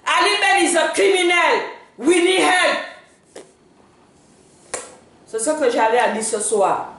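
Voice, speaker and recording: Fervent high-voiced Gabonese woman, echoey. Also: expressive, unhurried, pauses often. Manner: fervent, pleading, bursts into shouting. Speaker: political activist. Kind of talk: impassioned video statement. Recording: very echoey room, voice far from mic.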